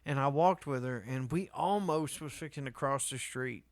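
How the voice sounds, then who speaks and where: A man's voice: mid-range voice, moderate pace, no echo. A man, co-hosting a podcast and telling a story in casual, profane chat with lots of laughter. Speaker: podcast co-host.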